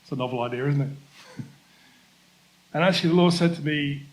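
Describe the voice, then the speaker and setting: A man preaches a sermon in a relaxed, conversational way, with the odd joke at his own expense. He slows down to lean on the points that matter most. His voice sits a little higher than most men's. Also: low-quality recording. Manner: conversational, self-deprecating preaching with asides. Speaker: pastor.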